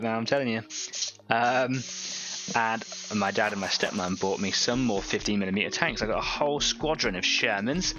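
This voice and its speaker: A man's voice: lowish voice, moderate pace, pushed and bright, muffled recording. A man hosting a live painting stream, chatting casually, rambling and laughing at his own jokes.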